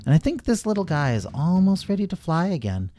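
Man putting on cheerful storybook girl, earnest, lifted pitch. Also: big pitch swings, a little fast, dark tone. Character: brave, sensible young girl adventurer.

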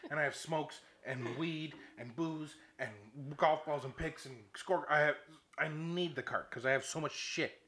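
A young man spins a long, profane story in casual conversation. His voice is bright and forward, and he rants with lots of energy, laughing through the telling. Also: on the high side, a little slow. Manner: animated, profane, ranting with laughs.

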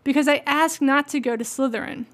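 Earnest anxious schoolboy wizard, read by a woman, high bright voice, storybook reading. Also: fairly even intonation, brisk. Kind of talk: audiobook-style reading aloud.

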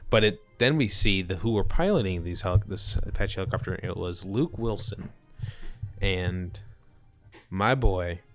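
A man's voice: low voice, faint music behind. A young man co-hosting a podcast, recapping a movie in rambling, jokey casual chat. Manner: rambling, jokey, quick to mock accents. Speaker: podcast co-host.

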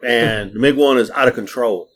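A man's voice: mid-range voice, normal speed, a bit bright. A middle-aged man co-hosting a podcast, brash and joking, laughing often and swearing freely in casual banter. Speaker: podcast co-host.

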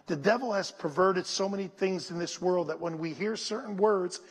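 A man's voice: sits high, breathy edge. A male pastor preaching a sermon, leading his congregation to repeat scripture lines and dropping to a near whisper on them. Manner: slow, drops to a near whisper on scripture phrases; call-and-response with the congregation. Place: church sanctuary. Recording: long reverb in a large hall.

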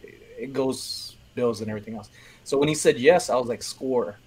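A man's voice: medium pitch, fairly quick, a little mellow, a little hiss or hum, rough recording. A man co-hosting a casual stream who tells a story and acts out the dialogue within it. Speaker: reseller co-host. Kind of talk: casual anecdote.

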